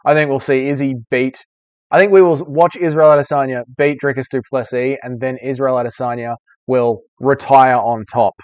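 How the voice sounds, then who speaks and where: A man's voice: medium pitch, fairly even intonation, normal speed, no echo. A young Australian man hosting a casual live stream, reading viewer comments and bantering with joking, profane humor.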